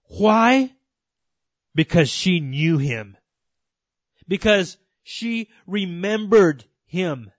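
High-voiced earnest male preacher. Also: expressive, extremely slow, pauses often, no room sound, highs cut off. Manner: earnest, addresses listeners as folks and friends. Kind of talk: sermon.

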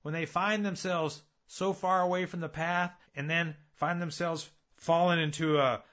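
Guy preaching, earnest, lots of rhetorical questions, slightly high voice, muffled recording. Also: fairly bright tone. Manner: earnest, builds with repeated phrases and rhetorical questions. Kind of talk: sermon.

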